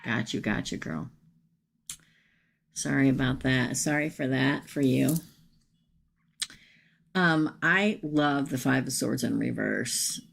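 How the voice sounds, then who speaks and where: Her pitch is extremely low, with vocal fry, a slight mellowness and a breathy edge. A middle-aged woman still emotional from a night of crying, she hosts a casual live tarot stream, exclaiming at the cards and calling out viewers by name.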